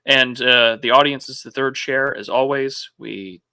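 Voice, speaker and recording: A man's voice: mid-range voice, steady tone, a little slow, sharp tone, smooth, no room sound. A young man hosting a casual livestream podcast, rambling with fillers as he reads out viewer messages. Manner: rambling, lots of fillers, reads super chats. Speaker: podcast host.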